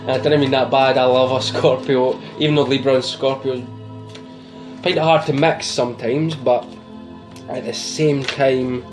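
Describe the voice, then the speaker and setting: A man's voice: mid-range voice, steady tone, measured pace. A man with a Scottish accent giving a casual, rambling tarot reading to camera, teasing his viewers and laughing at himself. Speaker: tarot reader. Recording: music playing behind.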